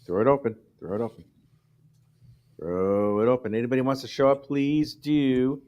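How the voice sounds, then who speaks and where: A man's voice: medium pitch, steady tone, normal speed, lo-fi sound. Male co-host, crude and goofy, mid-range voice, casual chat.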